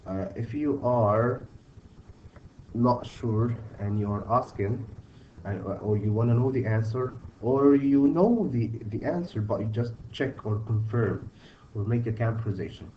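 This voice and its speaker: A man's voice: mid-range voice, a little slow. Man teaching grammar, distant dull recording. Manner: patient, repeats "okay?" to check understanding. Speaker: English teacher. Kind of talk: online grammar lesson. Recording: distant, dull mic with faint hiss.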